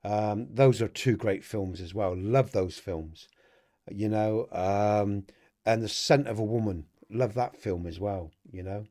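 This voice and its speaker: A man's voice: on the low side, slow pace, mellow. A middle-aged man hosting a casual livestream podcast, rambling and chatty, laughing often and talking to viewers in the chat. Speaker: podcast host.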